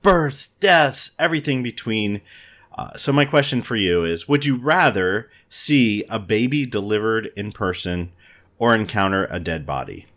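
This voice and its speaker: A man's voice: fairly low pitch, animated, measured pace, fairly bright tone. A man hosting a casual podcast chat, joking and laughing often. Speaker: podcast host.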